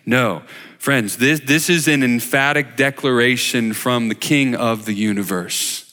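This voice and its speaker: A man preaching a sermon slowly and emphatically, asking his listeners rhetorical questions. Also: mid-range voice, sharp tone, in a large hall. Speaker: worship leader giving a short sermon. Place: church sanctuary.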